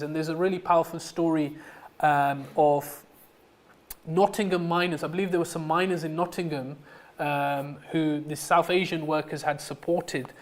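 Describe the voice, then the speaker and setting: A man giving a public lecture, telling stories emphatically with frequent ums and uhs. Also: fairly high pitch. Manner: storytelling, emphatic, frequent fillers. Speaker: guest lecturer.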